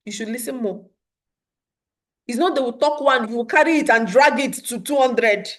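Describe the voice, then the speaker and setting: A young adult woman leads a live webinar for parents. She speaks in an earnest coaching manner, with a fairly high voice, and often laughs between points. She slips into calm, soothing tones when she acts out what to say to a child. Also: normal speed.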